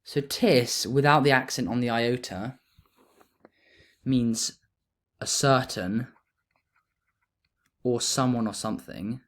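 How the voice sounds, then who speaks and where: A man explaining grammar in a relaxed lesson, thinking aloud as he writes notes. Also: medium pitch, unhurried, long pauses. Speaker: teacher.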